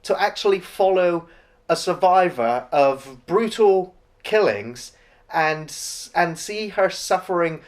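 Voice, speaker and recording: A man's voice: high-pitched, expressive, takes it slowly. Man, podcast co-host, casual film review chat, chatty, mocking. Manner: chatty, mocks characters in put-on voices.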